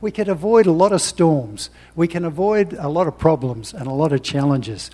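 A man's voice: fairly high pitch, animated, moderate pace, dark tone, big-room sound. A man preaching a sermon, reading scripture and talking personally in a conversational way with frequent restarts.

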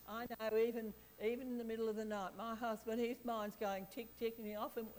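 Woman preacher, slightly high voice, lively, quizzes the congregation. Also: moderate pace, slight background noise, rough recording. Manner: lively, questions the audience, laughs often. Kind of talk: sermon.

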